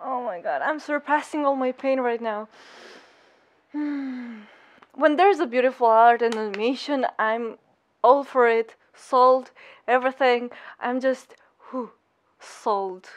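A woman's voice: sits high, slow pace. A woman reacting to an anime episode as she watches, gasping, squealing and gushing, while saying she feels unwell. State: unwell, not feeling great. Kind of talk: excited live reaction commentary.

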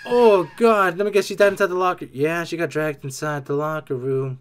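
An excitable gamer joking and exclaiming while reacting to a game's death scenes. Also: mid-range voice, fairly quick, clear, resonant tone. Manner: excitable, jokey, exclaims often and mimics characters. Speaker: reaction video creator. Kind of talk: casual game reaction commentary.

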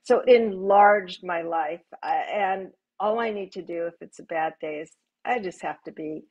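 An older woman speaking as a guest on a live panel, telling stories in a gentle, reflective, unhurried way. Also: lowish voice, lo-fi sound.

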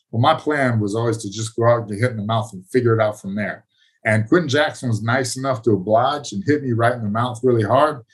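A man's voice: fairly low pitch, slightly rough. A man talking casually as an interview guest, laid-back and self-mocking, rambling through his stories. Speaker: podcast guest, former fighter.

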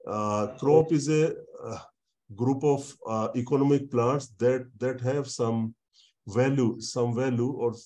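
A man giving an online university lecture, explaining slowly and repeating words with many fillers. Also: mid-range voice, mellow.

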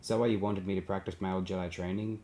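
A man's voice: low-pitched, level tone, quick pace, mellow, slight background noise, lightly acted. A man reading an audiobook, voicing a tense young woman who mutters through clenched teeth.

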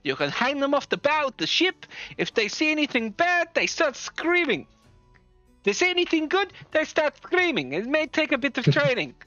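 A huge elephant-man merchant, as a game master puts him on, bellowing his wares in a high, strained, booming pitch. The sound is dull and lo-fi with soft music underneath. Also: animated, normal speed, dry recording. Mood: boastful. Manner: loud booming sales pitch, wheedling.

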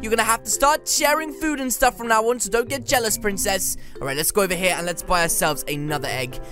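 A woman giving excited gameplay commentary as a gaming YouTuber, with playful mock trash talk. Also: medium pitch, fast talker, music in the background.

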